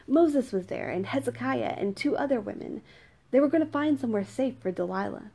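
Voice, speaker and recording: A woman's voice: fairly high pitch, expressive, a little fast, creaky, dark tone, slightly rough, pitched above the performer's own voice, exaggerated voice. A woman voicing a frantic, worried father who talks in an urgent, pleading way.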